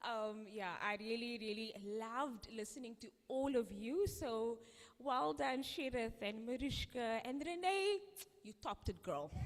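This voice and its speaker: A woman's voice: on the high side, unhurried. A woman, the CEO, giving emotional, effusive closing thanks at a live event. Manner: effusive, emotional, exclaims often. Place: event hall with live audience. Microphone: handheld or stand microphone. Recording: reverberant event hall.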